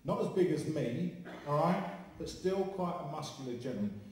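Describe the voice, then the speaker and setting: A man's voice: fairly high pitch, animated, normal speed, a little mellow. A man working as a spiritualist medium, chatty and joking with the audience during a live demonstration in a large hall. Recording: echoey hall from far off.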